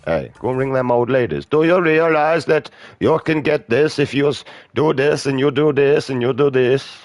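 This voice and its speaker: A man's voice: mid-range voice, expressive, moderate pace, no echo. A British man giving casual, profane, ranting commentary while playing a video game. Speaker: gaming streamer. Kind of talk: casual commentary over gameplay.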